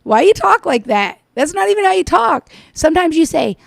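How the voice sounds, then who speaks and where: A woman's voice: very high-pitched, sing-song, normal speed, creaky, no echo, studio quality. A woman giving sarcastic, scolding reaction commentary over a cooking video. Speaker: commentator reacting to another vlogger.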